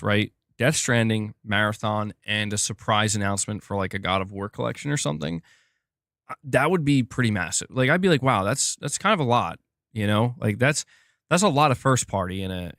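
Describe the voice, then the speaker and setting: A man's voice: mid-range voice, a bit bright, dry recording, studio quality. A young man streaming about gaming news, chatting casually and reading viewer comments, rambling with lots of "like" and restarting sentences. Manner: rambling, many "like" fillers and restarts.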